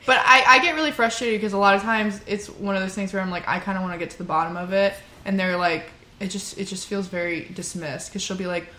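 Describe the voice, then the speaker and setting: A woman's voice: mid-range voice, steady tone, pushed and bright. Chatty young woman in an echoey room. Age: young adult. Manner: chatty, lots of "like", quick laughs. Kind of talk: casual chat.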